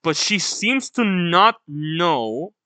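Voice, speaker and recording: A young man reads a manga chapter aloud and reacts, excitable and profane, with sudden high yells. His bright voice swings widely in pitch while he talks at an unhurried pace. The sound is dry and close. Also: clear, resonant tone, no room sound.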